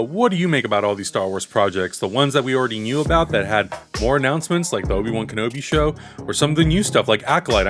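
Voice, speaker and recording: A man hosting a casual fan discussion, talking enthusiastically and a little rambling before signing off to viewers. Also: mid-range voice. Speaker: podcast host.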